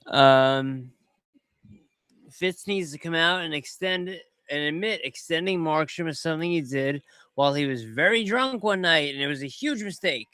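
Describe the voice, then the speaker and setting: Male podcast host, a touch high, smooth and clear, rambling casual commentary. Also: no room sound. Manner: rambling, chatty, quick to get excited. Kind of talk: casual commentary over video clips.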